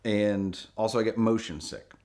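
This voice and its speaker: Middle-aged male storyteller, low-pitched, relaxed and animated delivery. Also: normal speed. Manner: animated, jumps up in pitch for quoted voices. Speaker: car dealer telling a story. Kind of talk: casual storytelling.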